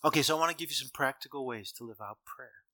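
A middle-aged man preaching a sermon to students in a hall, telling stories that swing between loud emphasis and quiet asides. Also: medium pitch, fast.

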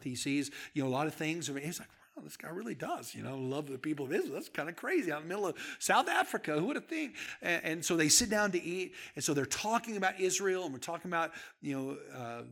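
A male pastor tells stories from the pulpit in a bright, forceful voice that sits a little high. He drops to near whispers and then climbs to loud, excited shouts as the story builds. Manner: storytelling, swings from hushed to shouting. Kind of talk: sermon.

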